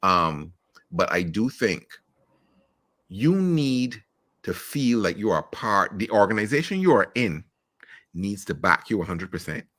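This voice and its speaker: Blunt middle-aged Caribbean man, bright voice. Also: fairly low pitch, very animated, a little slow, no echo, clean studio sound. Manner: frank, blunt storytelling with swearing and jokes. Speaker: podcast guest, marketing executive. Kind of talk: casual interview chat.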